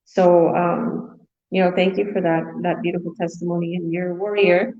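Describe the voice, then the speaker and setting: Chatty woman host, kinda low voice, dull lo-fi call sound, upbeat and rambly. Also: little pitch movement, moderate pace. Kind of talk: casual chat.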